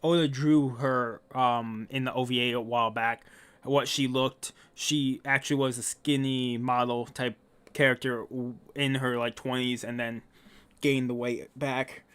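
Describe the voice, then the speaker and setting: A man reading a comic aloud and reacting with loud, swearing asides. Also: medium pitch, measured pace, smooth. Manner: swears often, reads text aloud with excited asides. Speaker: manga reaction host.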